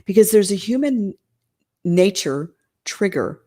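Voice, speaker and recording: A woman's voice: mid-range voice, animated, measured pace, mellow. A woman coaching cleaning-business owners in an emphatic, conversational way, often checking in with "right?".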